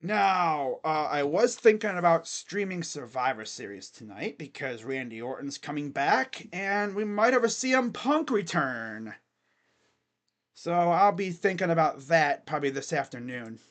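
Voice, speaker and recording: A man's voice: a little high, animated, measured pace, fairly bright tone. A man streaming casual college football chat, thinking aloud and rambling with fillers and restarts. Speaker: sports streamer.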